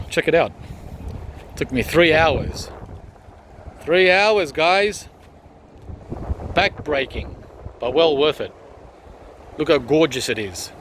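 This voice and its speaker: A man's voice: mid-range voice, fairly bright tone, a little hiss or hum. A man chatting casually as he walks through his backyard garden, rambling with frequent ums as he points things out. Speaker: gardening vlogger.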